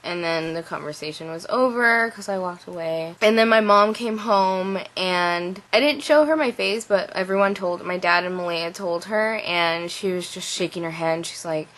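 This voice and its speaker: A young adult woman telling a story to camera in a casual vlog, animated and full of "like" fillers. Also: lowish voice, moderate pace, hardly any pauses, rough recording. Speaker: vlogger.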